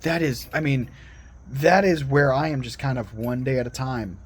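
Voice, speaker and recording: A man talks through a loose, earnest solo monologue for his channel, wandering off track and restarting his sentences. His voice sits at an ordinary middle pitch. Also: normal speed, breathy edge. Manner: earnest, digressive, frequent restarts. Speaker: Christian video commentator.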